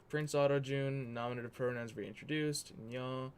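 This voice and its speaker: A man's voice: medium pitch, measured pace, background noise. A man hosting a livestream, chatting casually in a rambling, self-correcting way while he works on a document. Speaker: livestream host.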